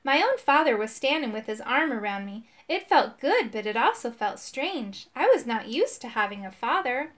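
A woman narrating a children's storybook in an expressive, lively way. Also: fairly high pitch, normal speed, few pauses. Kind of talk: storybook reading.

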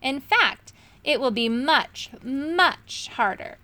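A woman's voice: sits high, expressive, slow, sharp tone, full character voice. A woman voicing a scheming male magician villain, reading with a sneering, mocking manner for a storybook. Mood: smug.

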